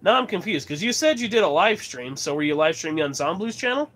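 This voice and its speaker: A man's voice: sits high, animated, quick pace, a bit bright. A man from Colorado chatting casually as host of his livestream, rambling and laughing often. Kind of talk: casual chat.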